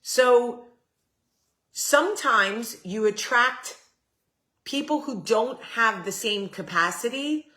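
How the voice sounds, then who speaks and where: A woman's voice: on the high side, expressive, takes it slowly, bright, forceful tone. A woman hosting a casual livestream, chatting straight to her viewers, answering their comments aloud and swearing casually. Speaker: host.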